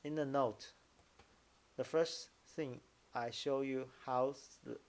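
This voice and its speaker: Man w mandarin accent teaching chinese tones on a video call, slow and halting, clean clear voice. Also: mid-range voice, steady tone. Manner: halting, repeats and restarts phrases, demonstrates tones. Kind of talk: live online lesson. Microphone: computer mic, video call.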